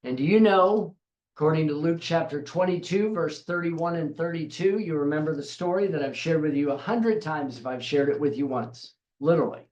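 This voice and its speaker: A man's voice: a little high, moderate pace, a little mellow, dull audio. A man giving a devotional Bible teaching, emphatic and fond of repeating phrases for stress. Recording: roomy echo.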